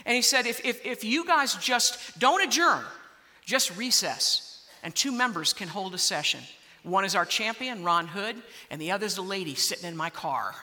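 A middle-aged woman gives a lively story-driven speech with a very bright, sharp voice. She tumbles over repeated words when she gets worked up, and her voice rings out with the long reverb of a big hall. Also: medium pitch, moderate pace. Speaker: public speaker.

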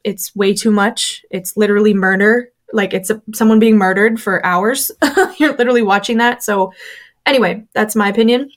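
A woman's voice: mid-range voice, steady tone, normal speed. A woman, a former church member, candidly recounting her experiences in a casual interview, with chatty fillers and quoted voices.

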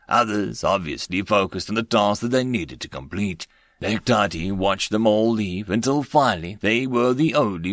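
A man narrating a web-novel audiobook in an expressive storytelling manner, close to the mic. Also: fairly low pitch, no room sound.

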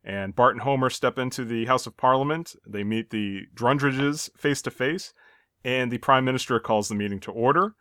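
A man's voice: mid-range voice, normal speed, pushed and bright, smooth, dry recording, clean studio sound. A man hosting a casual podcast, narrating an episode's plot step by step and chuckling at the gags. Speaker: podcast host. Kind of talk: casual episode recap chat.

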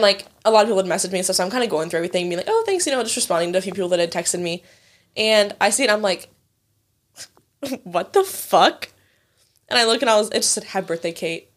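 A young woman in her twenties tells a story in loose, chatty conversation. She swears freely and slips into quick impressions of the people she quotes, in a voice of ordinary pitch. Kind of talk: casual storytelling chat.

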